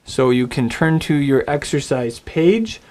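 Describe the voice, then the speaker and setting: A man teaching a recorded Hebrew lesson, friendly and encouraging, saying words slowly and getting the listener to repeat them. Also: a little high, lively intonation, darkish tone. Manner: friendly, encouraging, models pronunciation aloud.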